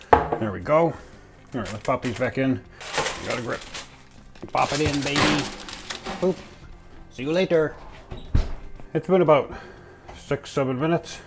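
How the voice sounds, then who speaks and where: Playful low-voiced man narrating his cooking. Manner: playful, jokey, talks to himself while cooking; eating and chewing while talking. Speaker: cooking channel host. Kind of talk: casual cooking vlog narration.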